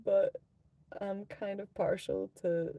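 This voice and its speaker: A woman's voice: medium pitch, flat delivery, slow pace, vocal fry, mellow. A woman, hosting a casual livestream and chatting crudely and teasingly with viewers. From New Zealand. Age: 30s. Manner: crude, giggly, teasing banter with frequent laughter. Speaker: livestream host. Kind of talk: casual live chat with viewers.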